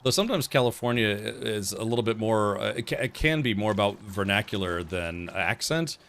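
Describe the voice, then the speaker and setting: Man, let's play host, chatty, lowish voice, wanders off topic. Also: expressive, a little fast, fairly bright tone, slight background noise. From United States. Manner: chatty, easily distracted. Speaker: streamer host.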